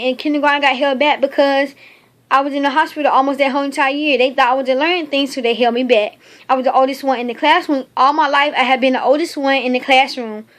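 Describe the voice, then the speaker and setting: A young woman from North Carolina, speaking in a halting, heartfelt personal video diary full of fillers. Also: on the high side. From North Carolina, United States. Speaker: video diarist.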